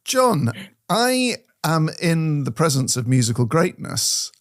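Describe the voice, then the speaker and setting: A man's voice: fairly high pitch, sing-song, takes it slowly. A man hosting a radio show, chatting playfully and laughing often. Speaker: radio host. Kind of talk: casual radio chat.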